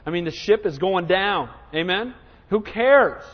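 High-voiced preacher in an echoing hall. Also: male voice, expressive, measured pace. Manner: emphatic, repeatedly asks the congregation "Amen?". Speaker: pastor. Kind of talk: sermon. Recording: dull lo-fi sound with long hall reverb.

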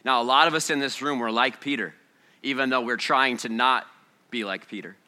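A man preaching a sermon to his congregation, swinging between loud bursts and hushed storytelling. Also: mid-range voice, a little fast. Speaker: pastor. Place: church sanctuary before a congregation.

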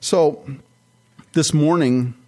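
A man's voice: fairly high pitch, drawn-out words, dark tone. A male pastor preaching a sermon in a loose, conversational way, often restarting sentences and going off on side notes.

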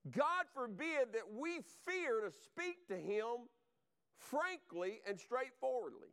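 High-voiced fervent preacher. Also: male voice, sing-song, slow pace, fairly bright tone, smooth. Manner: fervent, exhorting, repetitive. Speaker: pastor. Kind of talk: sermon.

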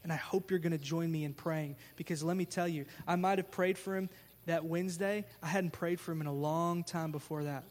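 A man preaching a sermon as pastor, telling the story with lively, casual slang. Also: fairly high pitch, fairly quick, in a large hall. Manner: animated storytelling, acting out scenes with casual slang.

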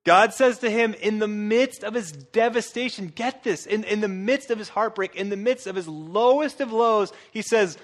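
A man preaching a casual, animated sermon, retelling Bible stories in a conversational way with frequent repeated words. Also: moderate pace, hardly any pauses. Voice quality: says his own voice is low and squeaky.

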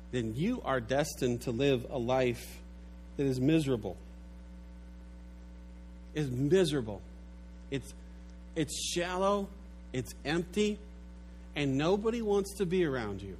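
A man preaching a sermon, telling an animated story and dropping low and soft for the sad parts. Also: slight background noise. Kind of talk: sermon with a told joke.

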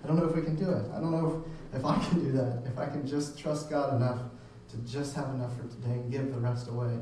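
A man preaching from across a very echoey room, his voice mellow and set back from the mic. He talks in a loose, conversational way, doubling up words as he goes. A faint hum sits under it. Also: medium pitch, steady tone, fast talker, far from the mic. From United States. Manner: conversational, repeats words and restarts often. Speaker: pastor. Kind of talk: sermon.

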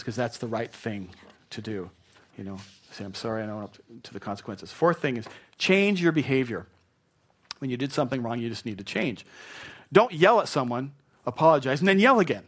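A middle-aged male pastor preaching a sermon. He acts out quoted apologies and excuses with lively shifts of voice. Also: fairly high pitch.

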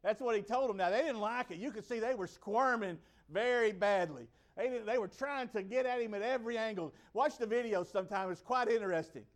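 A high-pitched man from the United States delivers a sermon. He talks emphatically and circles back to the same phrases to drive each point home. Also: a little fast, few pauses. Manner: emphatic, repeats key phrases. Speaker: preacher.

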